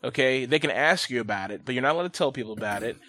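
A man hosting a casual podcast chat, ranting bluntly and profanely, his pitch and loudness swinging sharply as he gets worked up. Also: racing, no room sound. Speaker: podcast host.

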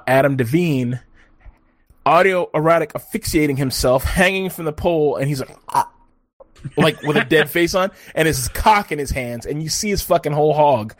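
A man's voice: medium pitch, no room sound, studio quality. Profane rambling man reviewing a film. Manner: rambling, profane, acts out scenes in quoted voices. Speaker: movie reviewer. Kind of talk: casual profane chat.

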